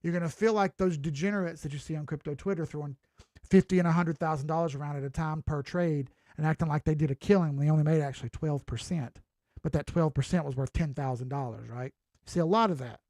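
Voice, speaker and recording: A man's voice: fairly high pitch, fast, mellow, no echo, studio quality. A man hosting a casual crypto market stream, talking in an earnest, cautionary, rambling way. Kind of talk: casual livestream talk.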